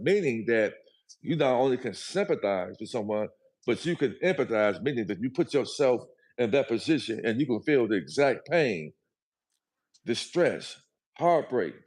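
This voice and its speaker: A man's voice: medium pitch, darkish tone. A man speaking as a guest on a livestream, talking in a preachy, emphatic, motivational way and repeating his phrases. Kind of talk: motivational live chat.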